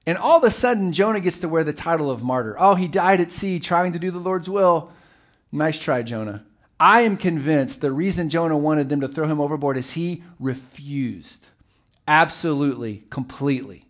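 A middle-aged male pastor delivers a sermon with a slightly high, lively voice. He tells the story vividly and acts out the voices of the people in it. His delivery keeps rising and falling. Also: moderate pace.

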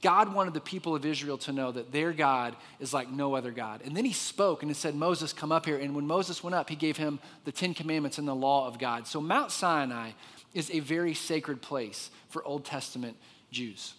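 A man preaching a sermon, telling the story with lively expression and dropping to a hushed voice for the quiet parts. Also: a little high, normal speed, in a large hall. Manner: expressive storyteller, drops to a soft hush for quiet moments. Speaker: pastor.

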